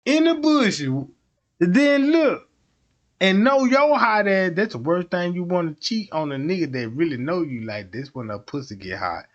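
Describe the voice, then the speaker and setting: A man's voice: high-pitched, normal speed, dull audio. A man livestreaming, telling stories casually in heavy street slang and acting out the voices of the people in them. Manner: animated, acts out voices of people in his stories. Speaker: livestream host.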